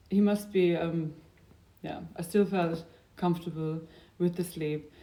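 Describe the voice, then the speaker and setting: A young adult woman talking in a casual, rambling video diary. Her loudness drifts from sudden bursts down to near-whispers. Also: lowish voice. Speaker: diary vlogger.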